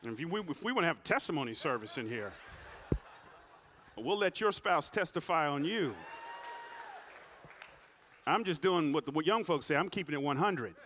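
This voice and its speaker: A man preaching a sermon, swinging between big loud climaxes and quiet, humorous storytelling asides. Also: on the high side, expressive, moderate pace, long pauses, slight background noise. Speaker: pastor.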